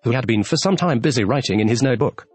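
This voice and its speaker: A man's voice: medium pitch, animated, quick pace, slightly rough, dry recording. A man narrating a classic storybook, reading expressively and giving the characters their lines. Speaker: audiobook narrator. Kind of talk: scripted narration. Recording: dry close mic, faint music behind.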